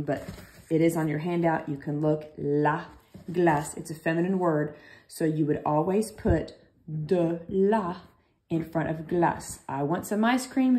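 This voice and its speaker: A woman's voice: low-pitched, dark tone. A woman teaching a recorded French lesson, chatty and reassuring, thinking aloud as she explains.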